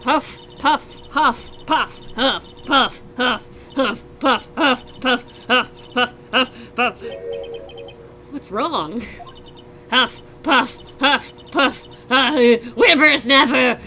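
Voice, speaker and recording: A woman's voice: high voice, extremely slow, slight background noise, full character voice. A woman doing a panting, cranky old lady. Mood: breathless angry. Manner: panting, breathless, shouty. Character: cranky huffing old woman, chasing a boy.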